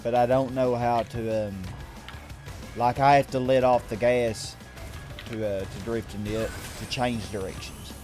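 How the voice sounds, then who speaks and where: A man's voice: mid-range voice, fairly even intonation, measured pace, a little mellow, faint music behind. A man hosting a game stream, chatting casually, rambling and correcting himself as he greets viewers. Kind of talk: casual gaming stream chat.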